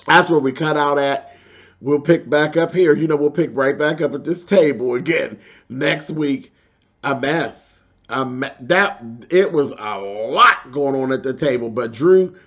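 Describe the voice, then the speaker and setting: A man talks through a reality TV recap in a sassy, emphatic way. His voice is gravelly with a creaky edge and sits at an ordinary middle pitch. The recording is dull and lo-fi. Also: a bit bright. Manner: sassy, emphatic, repeats points, calls viewers "child" and "honey". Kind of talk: casual recap commentary.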